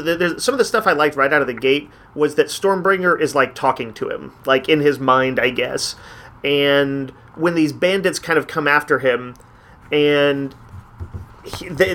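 A man hosts a comic shop podcast, chatting casually and enthusiastically as he reviews comics in a rambling, hesitant way. His voice is a little high with a fairly bright tone.

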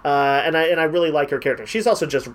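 A man's voice: fairly high pitch, racing, a little hiss or hum. A man co-hosting a casual chat about a cartoon series, rambling with many fillers and restarts. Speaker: podcast co-host.

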